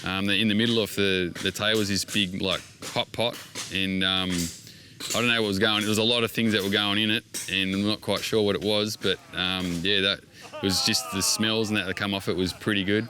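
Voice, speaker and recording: A man with a fairly low but bright, forward voice describes a trip. He hesitates often and fills his sentences with ums and likes. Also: level tone, brisk, a little hiss or hum. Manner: hesitant, filler-heavy storyteller. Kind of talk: casual recollection to camera.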